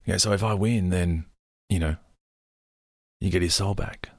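Low gravelly husky man, rambling. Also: steady tone, unhurried, no room sound, clean studio sound. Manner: rambling, loose storytelling with many fillers. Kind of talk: casual retelling of a film scene.

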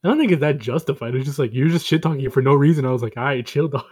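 A man rattles off teasing jabs at a quick clip in a loose podcast chat. His voice sits mid-range, and he laughs often and swears casually. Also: mid-range voice, darkish tone, husky. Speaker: podcast co-host.

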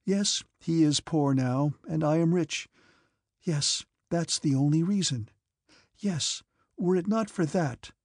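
A man voicing a gentle, sorrowful young noblewoman who pleads with a trembling voice. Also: on the high side, slow, no echo, studio quality, voice pushed up. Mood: musing.

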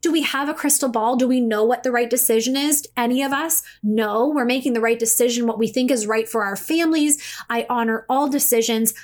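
A middle-aged woman talks through her solo podcast in a casual, confessional flow, laughing easily between thoughts. Her voice sits a little high for a woman. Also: fairly quick. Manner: chatty, confessional, laughs often. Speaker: podcast host.

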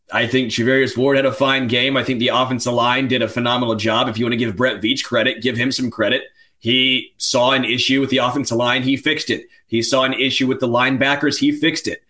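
A man's voice: medium pitch, little pitch movement, a little fast, pushed and bright. A man co-hosting a sports podcast, giving blunt verdicts in short clipped sentences. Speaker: podcast co-host.

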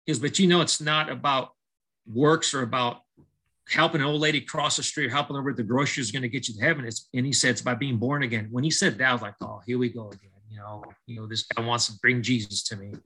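A middle-aged baseball coach talks fast in a mid-range voice with a breathy edge, captured on a low-quality recording. Guesting on a podcast, he relates his life story as testimony, acting out each piece of dialogue with animation and restarting often.

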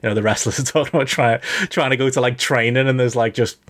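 A man's voice: medium pitch, steady tone, fast talker, a bit bright. A man from the UK hosting a podcast in casual chat, wry, often laughing and swearing. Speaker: podcast host.

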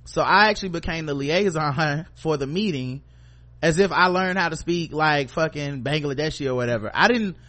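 A man hosting a podcast tells a long work story in an easy, casual way. He throws in quoted voices of coworkers and swears freely. His voice sits a little higher than most men's. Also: normal speed, bright, forceful tone. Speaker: podcast co-host.

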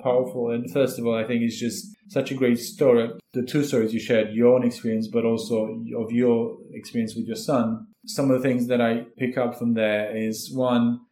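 A man who works as a therapist, a guest speaking in a measured, reflective and gentle way. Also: mid-range voice, flat delivery. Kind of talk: calm conversational interview. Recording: roomy, echoey sound.

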